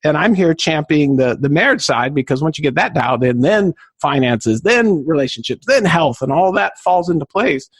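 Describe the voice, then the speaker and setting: High-energy, animated middle-aged man. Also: normal speed, few pauses, breathy edge, no echo. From southern California. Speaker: podcast guest. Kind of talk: enthusiastic storytelling.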